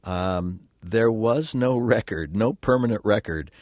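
A man's voice: on the low side, a little slow, a little mellow, no echo, studio quality. An older man, a working actor, telling rambling, self-deprecating stories in a casual interview, with lots of fillers and restarts. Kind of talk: casual interview talk, storytelling.

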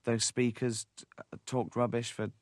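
A man in an interview, telling office anecdotes in a wry, conversational way at a middle pitch. His voice is recorded dry and close in a studio. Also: little pitch movement, moderate pace, dry recording. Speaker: comedy creator, interview guest.

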